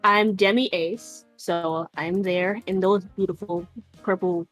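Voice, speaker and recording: A woman guest on a stream call, chatty and a bit hurried. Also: lowish voice, steady tone, a bit bright, no room sound, soft background music. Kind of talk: casual stream chat.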